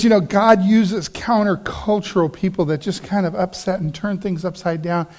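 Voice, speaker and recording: A man's voice: high-pitched, darkish tone. A middle-aged male pastor from the United States preaching a sermon, telling stories and playing up the voices of the people he quotes.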